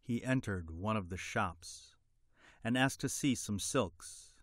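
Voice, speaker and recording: Male fairy-tale narrator; unhurried, deliberate, dry booth sound. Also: lowish voice, a bit bright, no room sound. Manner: slow, measured, deliberate. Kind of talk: storybook narration.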